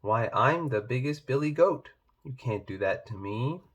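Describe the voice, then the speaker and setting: A man's voice: mid-range voice, lively intonation, measured pace, a bit bright, slightly rough. A man doing a bouncy billy goat. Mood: earnest. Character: proud big male billy goat.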